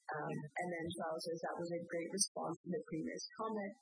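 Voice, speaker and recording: A woman's voice: on the low side, steady tone, brisk, gravelly, husky, soft background music, low-quality recording. A woman co-hosting, casually reading audience comments aloud with small asides.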